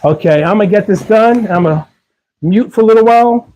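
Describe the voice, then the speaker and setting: Brief: upbeat Maryland man in his home kitchen, high yet mellow voice, chats through a cooking demo. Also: brisk, poor audio. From Maryland, USA. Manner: upbeat, chatty, coaxing viewers along. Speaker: host cooking on a livestream. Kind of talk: casual cooking demo chat to viewers.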